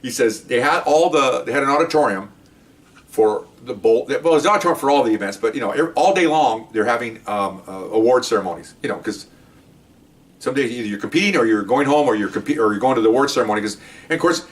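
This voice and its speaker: A middle-aged man and former police detective telling stories from the job in a casual, animated way. He often acts out what people said and keeps checking in with "okay?". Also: mid-range voice, fast talker, distant mic. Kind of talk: casual storytelling podcast.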